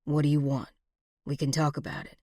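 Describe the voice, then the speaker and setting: Steady, low-spoken lawman keeping his anger reined in, voiced by a woman. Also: no echo, studio quality. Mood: controlled. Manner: low, controlled and measured. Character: deep-voiced, controlled frontier sheriff man.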